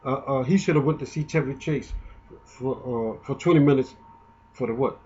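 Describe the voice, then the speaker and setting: A man's voice: medium pitch, moderate pace, a little mellow, highs cut off. A man giving an indignant, emotional, rambling political monologue, often restarting his sentences. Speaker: political commentator.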